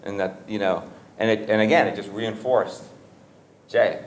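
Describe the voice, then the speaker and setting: A motivational speaker with a fairly low, steady voice talks at a moderate pace, telling a story in a conversational, humorous way. He laughs often and frequently corrects himself mid-sentence.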